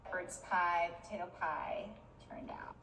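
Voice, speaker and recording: A woman's voice: lowish voice, little pitch movement, a little slow, a bit bright, in a whisper. A woman presenting a cooking demonstration in a chirpy, upbeat way. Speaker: cooking video host. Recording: echoey, distant, noisy kitchen clip.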